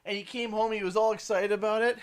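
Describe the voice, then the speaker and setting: A man's voice: high voice, steady tone, fast, clean tone. A man in his thirties from Canada, chatting casually on a gaming livestream, rambling with lots of fillers and frequent laughs. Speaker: gaming streamer.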